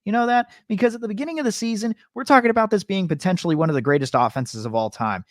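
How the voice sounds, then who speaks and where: A man's voice: sits high, rapid-fire, no room sound, clean studio sound. A man co-hosting a sports podcast, ranting in casual chat with lots of fillers. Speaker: podcast co-host.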